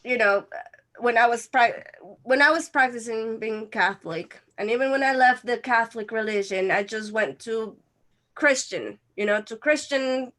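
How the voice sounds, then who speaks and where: Bright-voiced woman hosting a chat. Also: a little high. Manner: chatty, reacts with quick exclamations. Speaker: channel host. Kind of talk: casual video chat.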